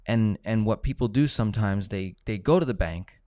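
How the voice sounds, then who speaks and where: A man's voice: lowish voice, normal speed, mellow, dry recording, clean studio sound. A man teaching personal finance in a casual coaching tone, often checking in with "right?" and "okay?". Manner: coaching, tag questions like "right?" and "okay?", acts out phone calls. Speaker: finance educator.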